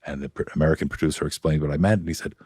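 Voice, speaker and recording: A man with a very deep, low voice settles into relaxed storytelling as a podcast guest, chuckling now and then. The sound is close and dry, with no room around it. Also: very fast, husky, no room sound. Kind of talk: casual chat. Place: podcast studio.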